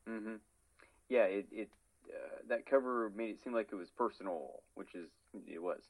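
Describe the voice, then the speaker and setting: A man with a fairly low voice co-hosts a relaxed podcast. His replies are brief and easygoing. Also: normal speed, poor audio. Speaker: podcast co-host. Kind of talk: casual podcast chat.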